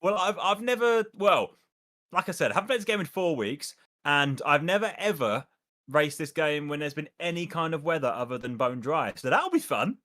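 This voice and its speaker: A man's voice: on the high side, moderate pace, bright, forceful tone. Man, guest driver on voice chat, upbeat, self-mocking, laughs often. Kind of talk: casual chat. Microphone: voice chat mic.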